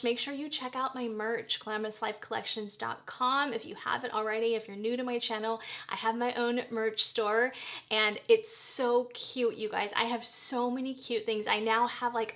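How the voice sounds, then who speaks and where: A woman's voice: fairly high pitch, a bit bright. Bubbly woman, beauty vlogger chat. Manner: bubbly, gushing, lots of "you guys". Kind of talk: chatty makeup tutorial talk.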